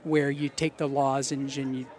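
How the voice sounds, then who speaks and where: A man's voice: medium pitch, flat delivery, moderate pace, darkish tone. A man as a podcast guest, casually telling anecdotes and acting out the voices of the people in them. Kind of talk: casual storytelling.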